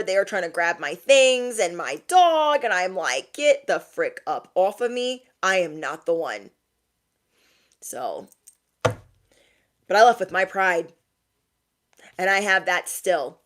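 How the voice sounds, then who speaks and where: A woman tarot reader giving a casual message to her viewers, chatty and animated, often laughing and repeating lines for emphasis. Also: medium pitch. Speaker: tarot reader and motivational YouTuber.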